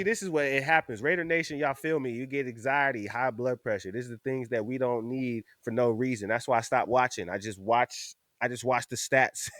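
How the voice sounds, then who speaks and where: A man hosting a podcast in casual chat, ranting in an animated, profane way. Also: medium pitch, no echo, clean studio sound. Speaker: podcast host.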